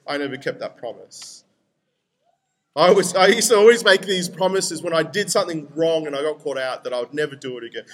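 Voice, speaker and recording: High-voiced lively preaching man. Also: brisk. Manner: lively, conversational preaching with animated quoted voices. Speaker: pastor. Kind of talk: sermon.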